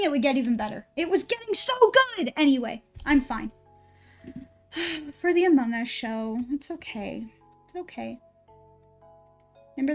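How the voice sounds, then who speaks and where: A young adult woman streaming a game, chatting casually and excitably to her chat, swearing and laughing often. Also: high voice. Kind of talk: casual live-stream commentary.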